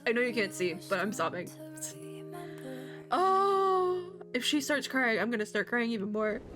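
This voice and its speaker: A woman giving casual, excitable reaction commentary as a VTuber, chatty and gushing. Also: medium pitch, fast talker. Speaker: VTuber reacting to an animated short. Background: faint music from the video.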